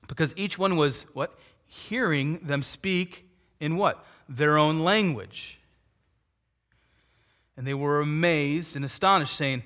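Animated man preaching a sermon, bright voice. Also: measured pace. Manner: animated, wide swings from loud emphatic peaks to quiet low asides; rhetorical questions, answers himself. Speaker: pastor.

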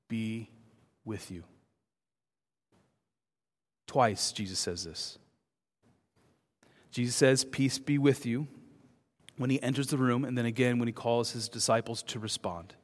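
Pastor preaching in an echoing hall. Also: male voice, mid-range voice. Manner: swings from loud urgent emphasis to soft hushed words. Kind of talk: sermon. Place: church. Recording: long hall reverb.

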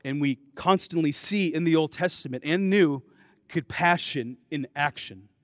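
A male pastor from the American Midwest delivers a sermon in a fairly high voice, recorded close and dry with little room sound. He moves between hushed, confiding asides and ringing, emphatic declarations, and drops in casual, self-deprecating remarks to his listeners. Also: moderate pace, no echo. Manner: swings between soft intimate asides and loud emphatic declarations.

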